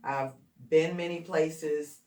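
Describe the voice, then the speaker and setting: A profane, animated woman rapper from Chicago's west side tells her story in an interview. She sits at a distance from the mic, and her voice bounces around a roomy, echoing space. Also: low-pitched, slow, a little hiss or hum.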